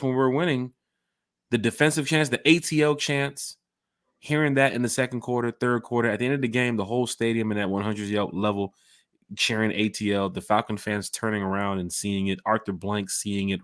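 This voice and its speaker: A man hosting a fan podcast in casual chat, telling stories with lively acted-out quotes on a home mic and camera. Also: on the low side, moderate pace, no room sound, clean studio sound. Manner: animated storyteller acting out quotes. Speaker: podcast host.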